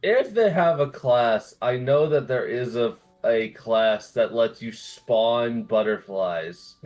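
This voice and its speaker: A young man, a player in a tabletop game, voices his character while chatting casually, cursing freely and poking fun at himself. His voice is mid-range, expressive and darkish, and he takes his time.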